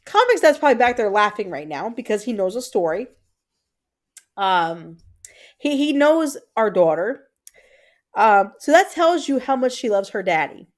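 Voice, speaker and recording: A woman in her thirties hosts a livestream, her voice a little high with big pitch swings at a normal speed. She chats her way through a family story, stopping now and then to answer viewers in the live chat.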